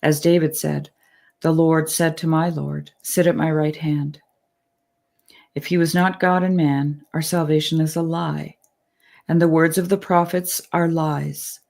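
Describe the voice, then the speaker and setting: Woman host, lowish gravelly voice, earnest reader, relaxed and laughing in chat. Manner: earnest, quick to laugh, lively when excited. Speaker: podcast host. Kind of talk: reading aloud then casual discussion.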